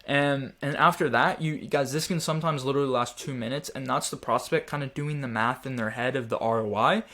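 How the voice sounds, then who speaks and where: A man's voice: medium pitch, fairly quick, pushed and bright. A man teaching a sales training lesson in a direct, coaching manner, urging his listeners on.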